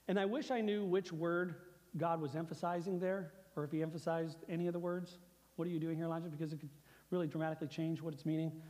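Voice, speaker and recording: A man's voice: high voice, big-room sound. A man preaching a conversational sermon as pastor, repeating phrases for emphasis. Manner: conversational preaching, repeats phrases, acts out God's lines softly.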